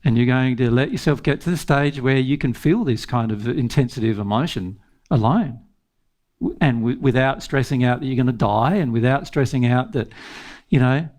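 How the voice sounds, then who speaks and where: A man's voice: mid-range voice, moderate pace, darkish tone. A man giving an informal spiritual teaching talk, earnest, repeating phrases and laughing often.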